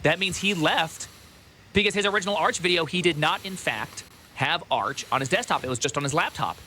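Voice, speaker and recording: Excitable rambling male streamer, bright voice. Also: a little high, brisk, a little hiss or hum. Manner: rambling, excitable, laughs often, restarts mid-sentence. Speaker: streamer reacting to a video. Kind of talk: casual live reaction commentary.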